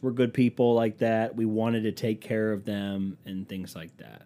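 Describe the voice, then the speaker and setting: A man's voice: mid-range voice, measured pace, dark tone. A man telling comic stories as a podcast host in a profane, sarcastic, self-mocking casual rant. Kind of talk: casual comedic storytelling rant.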